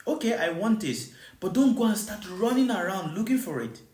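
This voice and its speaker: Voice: medium pitch, animated, moderate pace, darkish tone, reverberant. A spiritual teacher giving a live teaching, repeating points and asking listeners again and again whether they understand. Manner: repeats rhetorical questions to listeners; repetitive, emphatic preaching.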